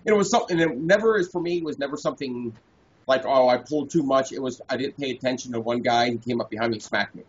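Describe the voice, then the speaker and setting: A man's voice: mid-range voice, fast, a little hiss or hum. A man hosting a casual gaming podcast, telling his own stories and asking questions. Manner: storytelling, asks questions. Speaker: podcast host. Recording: dull lo-fi podcast audio.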